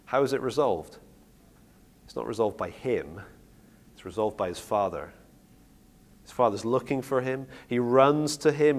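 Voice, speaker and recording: A middle-aged man preaching on a Bible story, retelling it with lively acted-out quotes. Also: mid-range voice. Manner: animated storytelling, acting out quoted lines. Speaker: preacher teaching on Bible stories. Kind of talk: sermon-style teaching talk.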